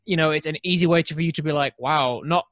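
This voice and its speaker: Casting: chatty male podcast co-host, voice a touch high, dry close-miked sound. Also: quick pace, fairly bright tone, no room sound. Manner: chatty, laughs often, swears casually. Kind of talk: casual chat.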